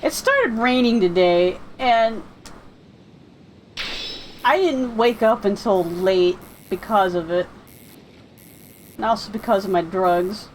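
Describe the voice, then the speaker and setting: A woman's voice: medium pitch, animated, slow, long pauses, slight background noise, poor audio. A woman from the United States giving rambling, chatty commentary while streaming a fishing game. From United States (California and Florida). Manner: rambling, chatty, self-deprecating. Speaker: let's play streamer. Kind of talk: casual gameplay commentary.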